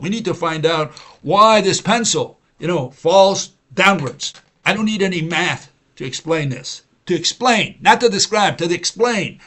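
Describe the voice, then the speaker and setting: A man with a somewhat high voice hosts a livestream and lectures in a long, rambling monologue. He argues and repeats himself, filling gaps with "uh" and "you know," and he mocks the people he disagrees with by mimicking them. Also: fairly bright tone. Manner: argumentative, repetitive, with frequent "you know" and "uh" fillers; mocking, mimics opponents in quoted voices. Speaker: host of a science-skeptic livestream.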